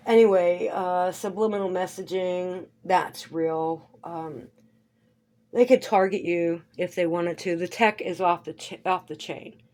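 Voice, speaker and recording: A woman's voice: fairly low pitch, fairly even intonation, unhurried, a little mellow. A woman giving rambling, conspiratorial commentary over a video as a vlogger. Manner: rambling, conspiratorial, swears casually.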